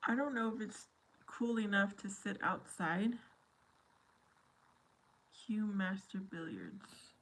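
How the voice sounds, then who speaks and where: Slow-talking, giggly woman livestreamer. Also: medium pitch, a bit bright. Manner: giggly and playful, laughs often; talks to the viewers by name. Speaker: livestream host. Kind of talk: casual live chat answering viewer comments.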